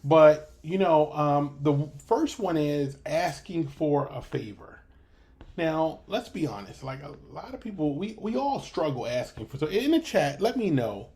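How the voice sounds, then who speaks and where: A man's voice: on the high side, sing-song, a little slow, darkish tone. Emphatic man coaching a sales team. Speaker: sales trainer. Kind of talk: team training over video call. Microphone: video call.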